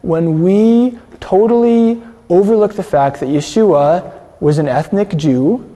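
A man delivers an earnest sermon and puts questions to his congregation. His voice sits fairly high with a mellow, dark tone. The room gives it a long, ringing reverb. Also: takes it slowly. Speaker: congregation teacher.

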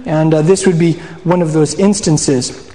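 A man's voice: a little high, fairly even intonation, unhurried, mellow. A man from the prairies preaching a sermon as a pastor, talking conversationally, asking questions and answering them himself, often restarting his sentences. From Saskatchewan, Canada. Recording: echoey hall.

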